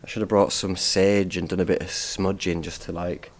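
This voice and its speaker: Alone in a disused tunnel at night, a young outdoor vlogger films a solo camping vlog, speaking quietly into a handheld camera. His low-pitched voice stays level and moves at a moderate pace.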